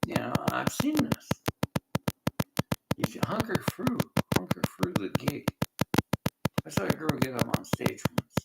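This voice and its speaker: A man's voice: a little high, wildly swooping pitch, a little slow, creaky, long pauses. An older man vlogging in a rambling motivational monologue, often dropping into whispery asides. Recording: loud background noise.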